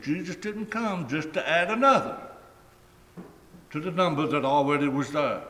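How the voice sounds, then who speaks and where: A man preaching a sermon in a deliberate, emphatic way, stretching key phrases and letting them fall away at the ends. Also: on the high side, a bit bright. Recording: echoey hall with long reverb.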